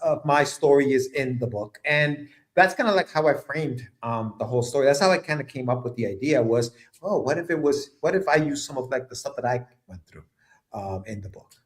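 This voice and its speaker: A man chatting as a guest on an interview show, relaxed and rambling with many fillers. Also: mid-range voice, fairly quick. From immigrant to the United States at age seven. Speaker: guest writer and letterer. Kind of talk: casual interview chat.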